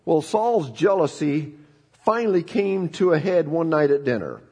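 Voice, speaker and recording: Husky, high-voiced preacher man. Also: moderate pace. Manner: animated storytelling with frequent restarts. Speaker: pastor. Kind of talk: sermon.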